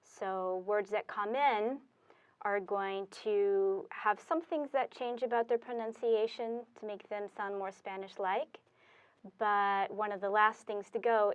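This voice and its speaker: Her voice smooth and medium in pitch, a woman explains Spanish at a whiteboard, going step by step as she writes. She speaks slowly and deliberately, with fillers along the way.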